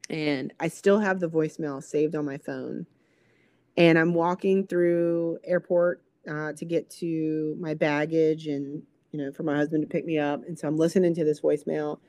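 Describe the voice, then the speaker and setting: A woman guest tells a personal story in an animated, chatty way, acting out the voices of people she quotes and filling gaps with "like". Her voice sits low and sounds warm and mellow. The recording is close and dry. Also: moderate pace, no room sound. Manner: animated, acts out quoted voices, many "like" fillers. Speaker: guest, recreational therapist. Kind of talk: emotional storytelling in an interview.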